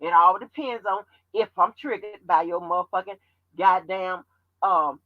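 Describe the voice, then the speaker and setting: A woman hosting a livestream, talking bluntly and profanely in animated commentary. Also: on the low side, measured pace, no echo, narrow, tinny audio. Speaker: channel host.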